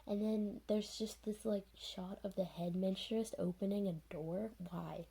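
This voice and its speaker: A woman's voice: medium pitch, steady tone, unhurried, gravelly, noisy background. Chatty sarcastic young woman. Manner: sarcastic, chatty, full of "like" and "anyways". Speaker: video reviewer. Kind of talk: casual recap and commentary.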